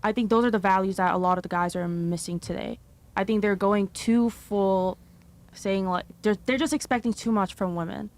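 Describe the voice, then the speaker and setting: A young adult woman, a guest speaking softly and hesitantly with many fillers in a casual panel discussion. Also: medium pitch, fairly even intonation, normal speed.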